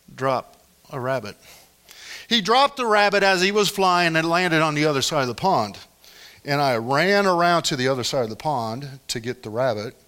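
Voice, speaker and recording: A middle-aged man preaching a sermon, telling stories in an animated way that swings from loud to hushed. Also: fairly high pitch. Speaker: pastor.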